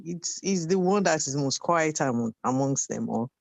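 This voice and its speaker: A woman's voice: low-pitched, normal speed, creaky, no room sound. A woman on a video call recounts a family moment, slipping into the voices of the people in it as she goes. The sound is dry and close, with no room around her. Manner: animated storytelling, acting out quoted dialogue. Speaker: caller sharing a story. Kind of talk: online discussion call.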